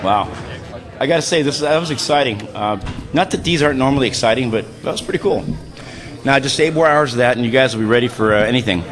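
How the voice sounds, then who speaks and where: Fast-talking joking male announcer. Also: mid-range voice. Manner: jokey, excitable. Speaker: event announcer. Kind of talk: live competition commentary. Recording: live crowd noise.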